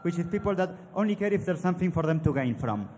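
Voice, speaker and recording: A man's voice: high voice, expressive, fast talker, darkish tone, a little hiss or hum. A man from Argentina with a thick Argentine Spanish accent, a native Spanish speaker, speaking as a panel guest in thoughtful, slightly broken English. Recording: live hall with long reverb and faint ambience.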